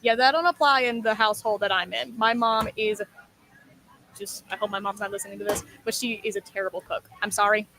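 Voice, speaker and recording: A woman's voice: mid-range voice, fairly even intonation, brisk, a bit bright, a little hiss or hum, poor audio. A woman chatting as a guest, in a chatty, self-deprecating way. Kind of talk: casual chat.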